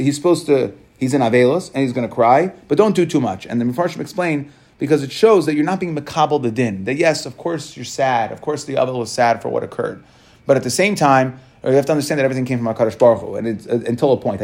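A man's voice: medium pitch, darkish tone. A man teaching a Talmud lesson, reading passages aloud and then explaining them in casual speech, with frequent restarts and fillers.

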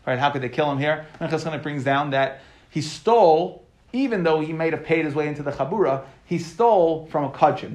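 A man teaching a Talmud class, reading each line and explaining it in casual, lively talk with modern asides. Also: on the high side. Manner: reads each phrase, then explains it casually.

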